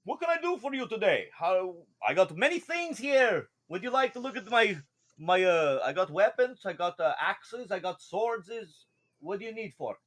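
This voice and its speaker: A man's voice: high voice, very animated, normal speed, fairly bright tone, voice pushed up, exaggerated voice. A man voicing a male fish-man merchant who talks with a wobble in his voice and a pushy, broken sales patter. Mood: eager.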